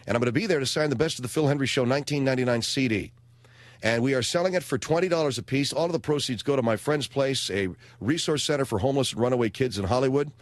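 A middle-aged American man hosting a talk radio show, telling stories in a wry, animated way. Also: medium pitch, fast talker, no echo. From United States.

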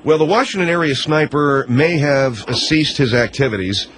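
A man's voice: on the high side, lively intonation, normal speed, fairly bright tone, a little hiss or hum, rough recording. A man hosting a radio call-in show, sounding incredulous and dryly sarcastic with a caller. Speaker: radio talk show host.

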